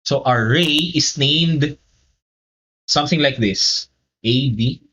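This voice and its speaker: A man's voice: mid-range voice, takes it slowly, bright, forceful tone. A man with a Filipino accent teaching a live online geometry lesson, explaining step by step and switching between English and Tagalog.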